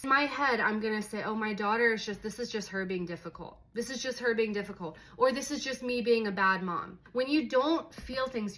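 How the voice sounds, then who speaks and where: A woman's voice: fairly high pitch, bright, forceful tone, poor audio. A young adult woman teaching about parenting in a casual, conversational way, often acting out her own thoughts in a story. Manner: conversational, many "like" fillers, voices her own inner thoughts. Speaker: parenting educator.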